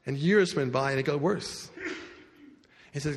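A man preaching to a congregation, telling a story with loud bursts and quiet asides. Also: on the high side, unhurried. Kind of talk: sermon storytelling. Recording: long hall reverb.

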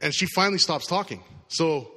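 A man's voice: on the high side, expressive, moderate pace, bright, forceful tone. A middle-aged man preaching a sermon, telling a personal story in a casual, conversational way. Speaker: pastor. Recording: long hall reverb.

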